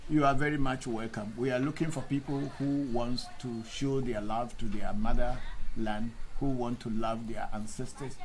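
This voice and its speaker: A man's voice: medium pitch, a little mellow, rough recording. A man serving as a Vodu priest, reading out viewer comments in a live Q&A and answering critics bluntly and combatively, repeating lines for emphasis.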